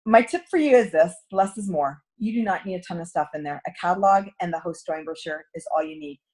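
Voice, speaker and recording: A woman's voice: fairly low pitch, fairly quick, darkish tone. A middle-aged woman coaching a direct sales team in a chatty storytelling talk, acting out quoted dialogue. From Canada.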